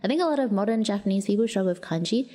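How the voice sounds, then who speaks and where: A woman's voice: medium pitch, lively intonation, dark tone. Chatty Australian woman, reverberant. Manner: chatty and rambling, with quick restarts and giggles. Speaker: livestreamer. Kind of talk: casual chat with viewers.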